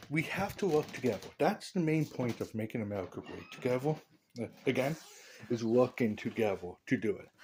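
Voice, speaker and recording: Rambling joking man, lively pitch. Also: slight background noise. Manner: rambling, joking, opinionated, laughs at own lines. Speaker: vlogger. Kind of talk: casual opinion rant to camera.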